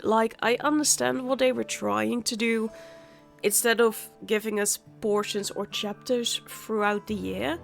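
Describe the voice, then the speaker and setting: A woman's voice: on the high side, gravelly, fairly bright tone. A woman hosting a gaming channel, talking through a game in a chatty, candid way while nursing a sore throat. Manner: chatty, candid, muttering asides. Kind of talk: casual let's-play commentary.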